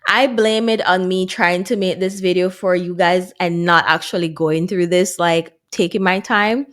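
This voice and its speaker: A woman with a slightly low voice chats casually to her viewers like a vlogger working through a lesson. She is chatty and self-mocking, and her voice often drops soft and low. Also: fairly even intonation, normal speed. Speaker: vlogger learning a language. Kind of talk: casual vlog chat to viewers.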